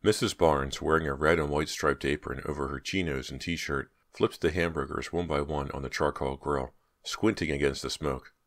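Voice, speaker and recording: A man narrating an audiobook in a steady, measured reading style. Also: very deep voice.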